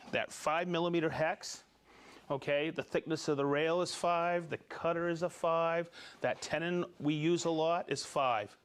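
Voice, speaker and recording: A man hosting a live tool show, chatting casually, demonstrating gear and cheerfully reading out viewer names. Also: on the high side. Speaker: show host demonstrating tools.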